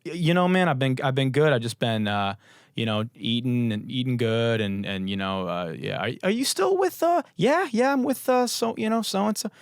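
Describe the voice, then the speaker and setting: A hoarse man acting out a bland wedding guest trading repetitive, chirpy pleasantries in a raised voice. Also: medium pitch, animated, moderate pace, dry recording, clean studio sound, natural voice. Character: bland wedding guest making endless small talk.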